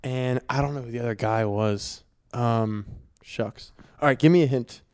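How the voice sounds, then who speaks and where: A man's voice: mid-range voice, moderate pace, a little mellow, clear, resonant tone, no echo, clean studio sound. A young man co-hosting a sports podcast in casual chat, teasing and bantering with his co-host.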